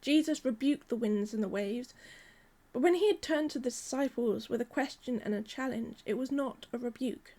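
A woman, preaching a sermon in a gentle, measured, earnest way. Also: a little high.

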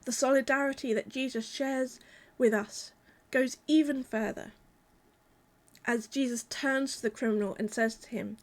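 A woman delivering a sermon in a calm, measured, reflective way. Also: sits high. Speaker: preacher.

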